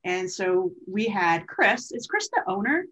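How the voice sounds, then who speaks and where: A woman's voice: mid-range voice, very animated, unhurried, a bit bright, rough recording. A woman co-hosting a podcast, telling a story in a chatty, meandering way with self-corrections. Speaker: podcast co-host. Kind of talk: casual conversational storytelling.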